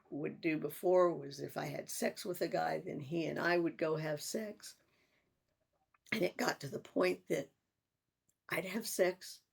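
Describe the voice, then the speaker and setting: Older lady talking to camera, gravelly and husky, pauses and sighs a lot. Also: deep voice, a little mellow. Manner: halting and reflective, with sighs and restarts. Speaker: vlogger. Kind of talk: personal confessional vlog.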